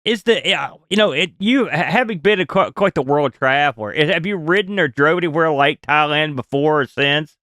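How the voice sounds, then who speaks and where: High, bright-voiced curious podcast co-host. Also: male voice, normal speed, hardly any pauses, dry recording, studio quality. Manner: curious, asks many questions, laughs often. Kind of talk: casual chat.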